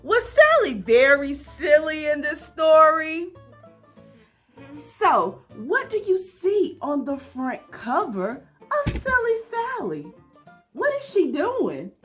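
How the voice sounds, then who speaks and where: A woman teacher talks small children through a phonics lesson, high-pitched and very slow. Her voice swoops up and down in an encouraging sing-song full of questions. Faint music plays underneath. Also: sing-song, a bit bright.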